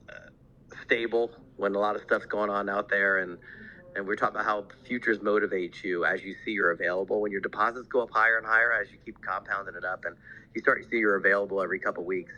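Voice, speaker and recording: A man hosting a casual online audio chat, relaxed and rambling with plenty of fillers. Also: sits low, dull audio, a little hiss or hum.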